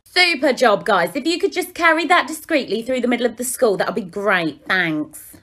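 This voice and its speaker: A woman performing a comedy parody sketch, switching quickly between exaggerated characters. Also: a little high, animated, bright, forceful tone. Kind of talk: parody sketch acting many roles.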